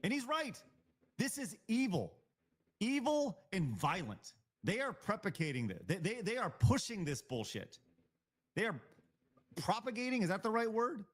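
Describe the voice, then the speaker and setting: A man's voice: high-pitched, sing-song, moderate pace. A male live stream host giving blunt, profane, heated reaction commentary.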